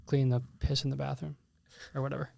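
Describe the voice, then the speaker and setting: A man's voice: medium pitch, little pitch movement, fast talker, vocal fry, dark tone, no echo. A man with a mid-range voice talks casually as a podcast host. He is hesitant and often restarts his sentences. The sound is dry and close. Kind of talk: casual conversation.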